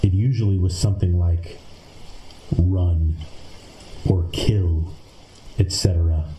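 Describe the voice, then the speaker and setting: Male narrator, scripted creepy readings, very dark tone, monotone delivery, echoey room with faint noise behind. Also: low-pitched, takes it slowly.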